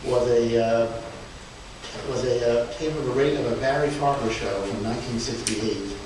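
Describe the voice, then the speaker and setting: Halting man talking through slides. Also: medium pitch, fairly even intonation. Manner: halting, many restarts and fillers, chuckling. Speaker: speaker at a book event. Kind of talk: informal slide presentation. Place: event room in a museum. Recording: echoey room, far from mic, background noise.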